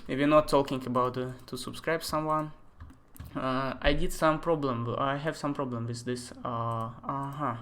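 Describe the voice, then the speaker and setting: A man in his twenties, not a native English speaker, thinking aloud and chatting with viewers during a live software tutorial. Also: mid-range voice, steady tone, measured pace. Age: 20s. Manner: thinks aloud, chatty asides, answers chat questions. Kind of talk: live screen-share tutorial.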